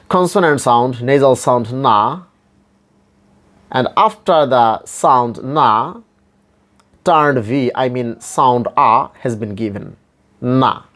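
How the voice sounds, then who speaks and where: Male teacher, very slow and deliberate, repeats each example word several times. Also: medium pitch. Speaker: English phonetics teacher. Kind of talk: slow pronunciation lesson.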